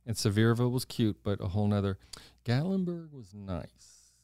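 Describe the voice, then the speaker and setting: A man hosting a podcast, telling stories in a gushing, animated casual chat. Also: on the low side, moderate pace, clean tone, no room sound, clean studio sound. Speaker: podcast host.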